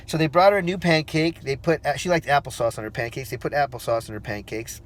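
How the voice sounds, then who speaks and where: A man in his forties telling a personal story in a relaxed, rambling way, with fillers and restarts, acting out the voices he quotes. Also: mid-range voice, fast, few pauses. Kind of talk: casual spoken storytelling.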